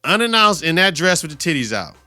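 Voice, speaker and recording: A man hosts a reaction podcast, swearing freely and retelling scenes with mock outrage. His voice sits a bit high and sounds bright and forceful. It is recorded dry and close, with faint music underneath. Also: quick pace, no echo. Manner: profane, animated retelling with laughter and mock outrage. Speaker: podcast host.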